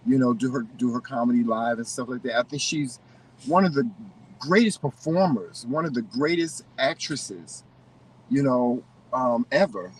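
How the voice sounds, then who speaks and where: A man co-hosting a casual chat, giving opinions in an animated way and often restarting his sentences. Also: on the high side, slightly rough, recorded from a distance, low-quality recording. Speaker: co-host.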